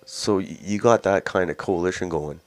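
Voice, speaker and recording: A man's voice: low voice, normal speed, soft background music. A Canadian man hosting a news commentary show, talking in a blunt, scornful, ranting way. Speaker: host.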